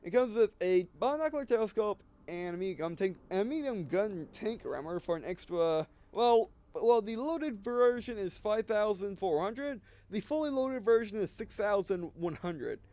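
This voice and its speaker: A man's voice: sits high, expressive, normal speed, few pauses, mellow. A man giving casual, rambling gameplay commentary while short of breath, often restarting and correcting himself. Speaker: gaming video creator.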